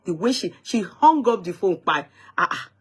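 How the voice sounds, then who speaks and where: A woman's voice: lowish voice, sing-song, moderate pace, husky. A woman hosting a live-stream talk show, speaking in an emphatic, indignant way and often repeating herself as she recounts a dispute. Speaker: host of an online talk show.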